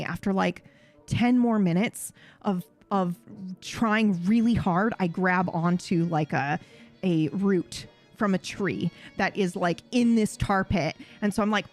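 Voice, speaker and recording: A young woman telling a story in a casual, animated way, swearing and acting out voices. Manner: animated, swearing, acts out voices with high yelps. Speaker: streamer.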